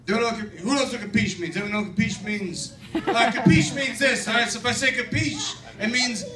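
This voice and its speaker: A man playing a loud tough-guy foreman. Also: very high voice, fairly quick, crowd noise. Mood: bossy. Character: brash male construction foreman teaching kids. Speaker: kids' camp skit performer. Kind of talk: children's church skit. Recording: echoey hall, far from mic, audience.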